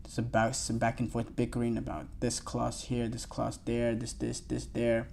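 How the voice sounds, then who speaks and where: A male podcast host talks loosely on his own, piling up fillers and restarts. His voice is gravelly with a warm, dark tone at an ordinary pitch. A faint hiss sits under the recording. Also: completely flat delivery, normal speed. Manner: loose and rambling, many fillers and restarts, reads quotes aloud. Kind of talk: casual solo sports podcast talk.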